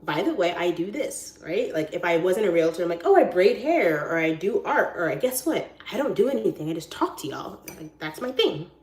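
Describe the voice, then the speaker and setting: A woman's voice: lowish voice, lively intonation, fairly quick, hardly any pauses. A woman realtor chatting casually on a live stream, goofy and rambling in a silly, friendly way. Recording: roomy echoey sound.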